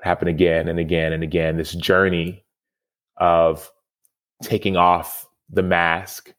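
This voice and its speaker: Earnest man with a very low voice. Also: monotone, slow, a bit bright. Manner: earnest, reflective storytelling. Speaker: podcast guest, former football player. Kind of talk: storytelling interview answer.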